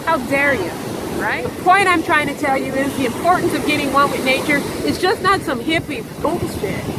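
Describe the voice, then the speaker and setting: Fiery high-voiced woman by roaring surf. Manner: fiery, preachy, profane, repeats phrases. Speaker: vlogger. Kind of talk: impassioned outdoor monologue. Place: outdoors on a beach by a rough ocean. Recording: loud surf and wind noise outdoors.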